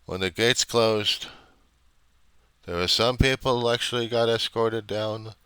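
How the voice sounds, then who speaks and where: Indignant older man with a bright, crisp voice. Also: fairly low pitch, no room sound. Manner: rambling, indignant, swears often. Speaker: reverend. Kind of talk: casual rant on camera.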